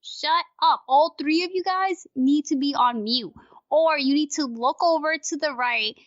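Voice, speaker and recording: A woman guest on a casual podcast, talking in an animated, ranting way and swearing freely. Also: high-pitched, normal speed, no room sound. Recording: dry, dull lo-fi sound.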